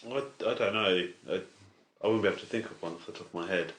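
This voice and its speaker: Male co-host, very deep voice, hesitant, echoey room. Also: fast, a bit bright. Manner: hesitant, brief replies. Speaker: podcast co-host. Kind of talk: casual film review chat. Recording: roomy echo.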